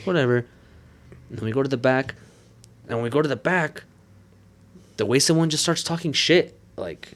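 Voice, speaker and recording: A man's voice: medium pitch, brisk, vocal fry. Profane laughing man telling shop stories. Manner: profane, laughing, animated storytelling. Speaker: piercer and podcast host. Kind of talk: casual storytelling chat.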